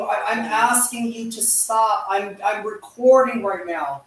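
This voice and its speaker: A man with a high voice speaks slowly as he narrates his own vlog. He repeats his words and pleads, and his talk is full of grand phrases. The sound is roomy and picked up from well away from the mic. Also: fairly even intonation, crowd noise. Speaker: YouTube vlogger. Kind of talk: self-narrated vlog, arguing off camera.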